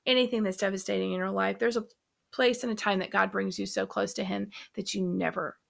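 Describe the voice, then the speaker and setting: A woman's voice: mid-range voice, steady tone, fairly quick, creaky. A middle-aged mother talking casually about faith and love as a podcast guest, earnest and affirming. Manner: earnest, affirming with frequent mm-hmms.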